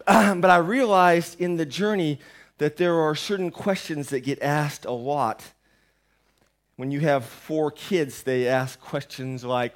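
A man's voice: a little high, slow pace. A man in his thirties preaching a rambling, self-deprecating sermon, while sick with a sore throat and medicated. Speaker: pastor. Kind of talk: conversational sermon. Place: church.

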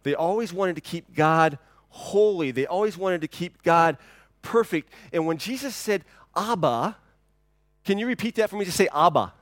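A man's voice: high voice, normal speed, dry recording. Conversational man preaching a sermon. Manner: conversational, repeats words when starting sentences. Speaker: pastor. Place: church.

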